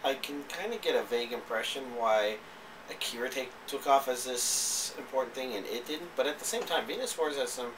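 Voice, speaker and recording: A man's voice: medium pitch, moderate pace, recorded from a distance, background noise. A man giving a casual, rambling spoken review, with hesitant speech full of fillers and restarts. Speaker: anime reviewer.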